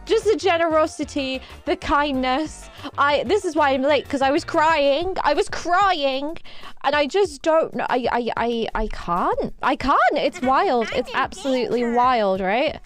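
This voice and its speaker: An excitable woman chats on a live stream, her voice sitting a little high. She rambles, repeats herself and giggles between thoughts. Faint music plays underneath. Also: unhurried. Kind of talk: casual livestream chat.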